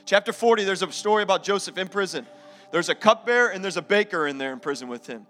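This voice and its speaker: A man's voice: high-pitched, lively intonation, fast, pushed and bright. A man preaching a sermon to his church, emphatic, mixing scripture reading with casual asides. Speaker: pastor. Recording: live sermon in a reverberant church hall with faint music.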